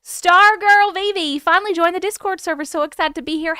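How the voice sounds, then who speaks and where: Bright, high-voiced woman chatting on a livestream. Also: dry recording, clean studio sound. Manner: chatty, giggly, quickly distracted. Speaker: livestream host. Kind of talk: casual livestream chat reading viewer comments.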